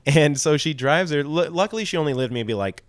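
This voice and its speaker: A man's voice: a little high, lively intonation, fairly quick, dry recording. A young man co-hosting a podcast, telling a drunken story in a rambling, profane way with lots of fillers. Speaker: podcast co-host. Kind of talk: casual storytelling.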